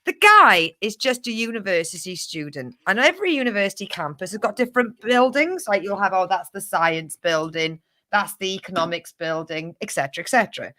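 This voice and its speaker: A woman's voice: mid-range voice, expressive, fairly quick, sharp tone, dry recording. A woman co-hosting a comedic news chat show, rambling, swearing and laughing as she tells a story. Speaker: co-host.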